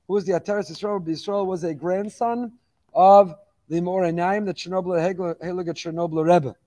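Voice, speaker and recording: A man giving a weekly Torah lecture as a rabbi, talking fast and exhorting his listeners with rising passion. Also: high voice, fairly even intonation, warm tone. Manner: fast-talking, admits reading quickly; impassioned, exhorting with rising emphasis.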